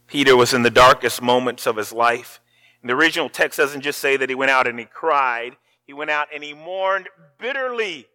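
A pastor preaching a sermon, telling the story with feeling and acting out the lines of the people in it. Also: male voice, medium pitch, expressive, normal speed, bright, forceful tone.

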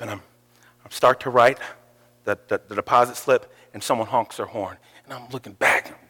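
A middle-aged male pastor preaching an animated sermon, acting out quotes and sometimes shouting. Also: mid-range voice, fairly quick, husky. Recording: long hall reverb.

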